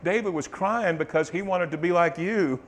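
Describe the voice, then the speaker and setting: A man preaching a sermon, swinging from loud fervent bursts to soft, murmured testimony. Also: sits high, moderate pace, slight background noise.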